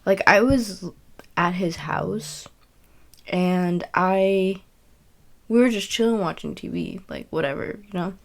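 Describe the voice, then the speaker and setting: A woman's voice: medium pitch, sing-song, takes it slowly, creaky. A young woman telling a personal story in a casual, rambling way, full of fillers and self-corrections. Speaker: podcast host.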